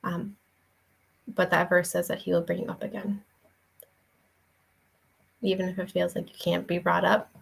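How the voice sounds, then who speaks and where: A woman's voice: lowish voice, level tone, normal speed, gravelly, long pauses, breathy edge, rough recording. A young woman giving a casual devotional talk in an earnest, conversational way, with many fillers and restarts. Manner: earnest, shares personal story. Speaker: faith vlogger and parent.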